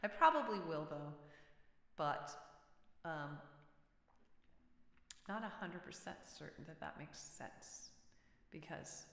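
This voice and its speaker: A woman's voice: deep voice, animated, slow, pauses often, a bit bright, roomy sound, big-room sound. A woman hosting a music livestream, chatting casually and reacting aloud to viewers' messages.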